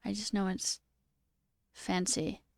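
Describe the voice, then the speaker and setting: A woman's voice: mid-range voice, flat delivery, slow, creaky, a little mellow, dry recording. A young woman hosting a livestream in casual chat, talking freely with frequent laughs and plenty of "okay" and "all right". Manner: chatty, laughs often, says okay and all right a lot. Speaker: livestream host.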